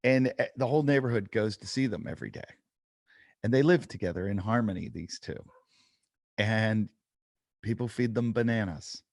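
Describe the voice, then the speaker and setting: Lively low-voiced man telling stories. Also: moderate pace, long pauses, dry recording, studio quality. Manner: animated storyteller, acts out quotes. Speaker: podcast co-host. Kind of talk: casual chat.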